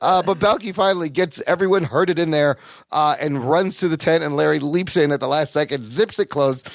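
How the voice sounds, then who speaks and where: Animated man recapping a sitcom. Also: on the high side, fairly quick, no echo, clean studio sound. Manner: playful, animated storytelling. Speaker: podcast co-host. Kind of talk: casual episode recap.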